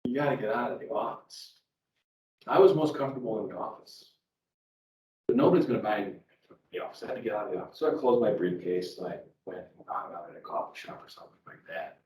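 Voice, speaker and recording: Quick-paced and mellow, with lively intonation and a voice on the low side, a middle-aged sales trainer shares personal stories at a live seminar, conversational and repeating words. The room is echoey, the mic distant, and faint ambience sits in the background.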